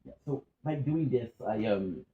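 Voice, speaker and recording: A man's voice: mid-range voice, expressive, measured pace, husky, narrow, tinny audio. A young man chatting casually in a vlog from his apartment, rambling with restarts and casual swearing. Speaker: gaming vlogger. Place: hot apartment.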